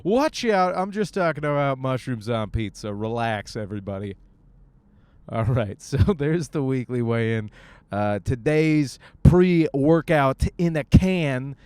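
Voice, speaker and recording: A man's voice: medium pitch, lively intonation, measured pace, darkish tone, clean tone, no echo. A young man from Michigan, a stand-up comic hosting a casual podcast, rambling and joking alone on his way to the gym. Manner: jokey, riffing, acts out bits. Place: car on the way to the gym.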